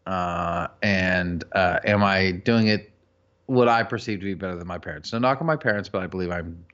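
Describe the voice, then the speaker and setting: A man co-hosting a casual chat podcast, swearing and ranting with loud bursts. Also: sits low, normal speed. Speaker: podcast co-host. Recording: dull lo-fi recording.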